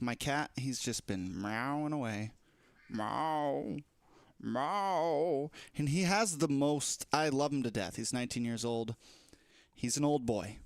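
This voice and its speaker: A young man, an esports shoutcaster, chatting loosely and playfully as he opens a casual livestream. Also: medium pitch, no echo.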